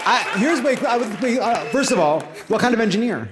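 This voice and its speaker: A man of forty-one hosting a podcast live on stage, excitable and swearing, now and then bursting into shouts. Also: sits high, fairly quick. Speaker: podcast host. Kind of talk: live podcast banter with audience. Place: live stage show in a theater. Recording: live venue recording with audience noise.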